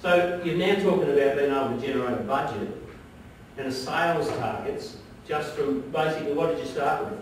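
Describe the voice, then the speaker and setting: A man's voice: a little high, brisk. A man presenting a live business seminar, chatty and often checking in with his audience. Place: seminar room at an arts centre. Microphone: distant room mic. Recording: very echoey hall from far off, faint noise.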